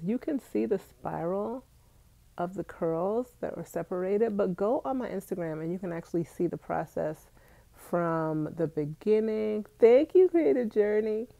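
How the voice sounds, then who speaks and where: A woman's voice: lowish voice, gravelly, mellow, dry recording. A young woman congested with allergies, chatting casually and directly to her viewers on a live stream from home. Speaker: vlogger. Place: indoors at home.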